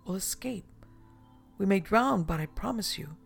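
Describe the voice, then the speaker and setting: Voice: medium pitch, steady tone, normal speed, vocal fry, a little mellow, faint music behind. A reader voicing an eager, lonely castaway. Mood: pleading. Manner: earnest, eager pleading. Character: lonely castaway man, earnest and pleading. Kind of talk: audiobook reading.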